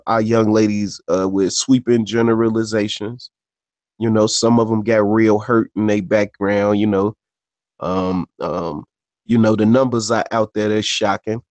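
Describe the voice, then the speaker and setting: On a podcast he co-hosts, a man tells stories in loose, casual chat full of slang and swearing, tacking "you know what I'm saying" onto everything. His voice is lowish and a bit mellow, recorded with no room sound.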